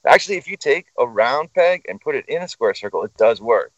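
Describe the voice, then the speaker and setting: A man's voice: mid-range voice, brisk, dry recording. A man telling a story as a guest in casual chat, swearing freely and rambling off on tangents. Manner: profane, animated, rambling. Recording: dull lo-fi sound, dry.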